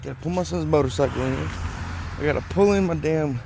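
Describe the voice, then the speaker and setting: A young man rambling casually on his own vlog, thinking out loud and swearing freely as he talks outdoors into a phone. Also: fairly high pitch, fast, vocal fry, noisy background. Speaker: podcast host, delivery driver. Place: outdoors at home.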